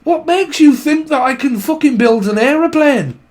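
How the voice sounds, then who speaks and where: A man's voice: very high voice, lively intonation, moderate pace, darkish tone, voice pushed up. A man voicing a grumpy elderly northern English husband who rants and swears. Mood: exasperated. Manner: swearing, exasperated ranting. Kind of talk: comic improvised voice.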